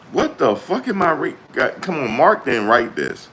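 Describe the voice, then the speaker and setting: A man giving slangy, excitable reaction commentary on a trial, exclaiming and repeating his points. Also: mid-range voice, normal speed, hardly any pauses, slight background noise.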